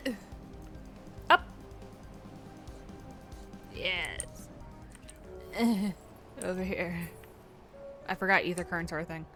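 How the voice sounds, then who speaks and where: A woman's voice: lowish voice, fairly even intonation, slow pace, long pauses, a bit bright, soft background music. A woman streaming a game in casual chat, blunt and jokey, swearing freely.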